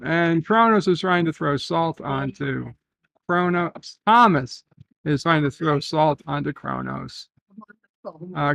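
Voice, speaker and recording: Male streamer, fairly high voice with a dry close sound, rambling casual chat. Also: vocal fry, no echo. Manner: rambling, reads chat aloud, thinks out loud. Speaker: live stream host. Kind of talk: casual livestream chat reading viewer comments.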